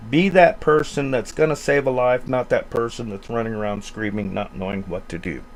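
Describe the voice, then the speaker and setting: A man's voice: medium pitch, normal speed, creaky, a little hiss or hum. A man who works as an emergency communications officer, giving earnest, urgent advice in a casual group discussion on a live stream.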